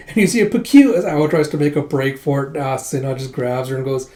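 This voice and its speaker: A man's voice: medium pitch, a little fast, a little mellow. A man doing a casual readthrough of a comic, retelling the scenes loosely with plenty of fillers. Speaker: comic reader. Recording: echoey room.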